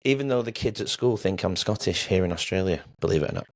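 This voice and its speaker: Deep-voiced man hosting a podcast. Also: expressive, quick pace, a little mellow. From England. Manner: chatty, rambling with restarts. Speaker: podcast host. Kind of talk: casual podcast interview.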